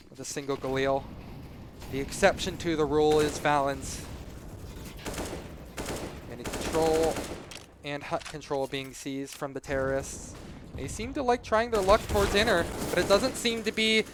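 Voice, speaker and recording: A man calling live esports play-by-play in a somewhat high voice, talking through the action in a conversational, analytical way and dropping casual asides. A faint noise sits under his voice. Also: measured pace, long pauses. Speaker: esports commentator.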